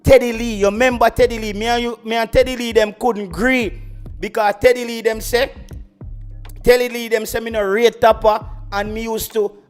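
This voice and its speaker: Extremely high-pitched and flat, a little fast and clean in tone, a Jamaican man hosts a football livestream with faint music behind. His heated rant is boastful and slips into patois.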